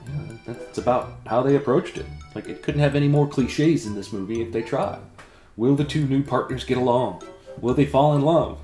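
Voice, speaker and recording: A man's voice: medium pitch, normal speed, warm tone, echoey room, soft background music. A man in a comedy sketch, talking in a dry, sarcastic and critical way. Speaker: comedy video creator. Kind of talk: comedic self-debate sketch.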